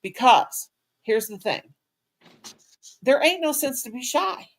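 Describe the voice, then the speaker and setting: A woman hosting a relaxed live chat. She rambles along in a folksy manner and sprinkles in terms of endearment. Her voice has a gravelly, creaky texture. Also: high-pitched, slow pace. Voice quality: folksy, rambling talk with Southern-style endearments. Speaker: channel host.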